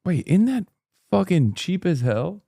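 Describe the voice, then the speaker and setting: A man in his thirties streams from his desk, reacting to clips with sarcastic, profane running commentary. His voice sits a little high for a man. The sound is dry and close, with no room around it. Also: big pitch swings, a little slow, vocal fry, dark tone, no room sound. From United States. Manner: sarcastic, profane, laughs while mocking.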